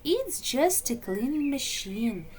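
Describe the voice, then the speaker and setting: A woman playing a jittery little pug puppy, high voice, storybook, slow and lively, faint hiss behind. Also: exaggerated voice. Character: timid boastful little male pug puppy. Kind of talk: children's storybook reading.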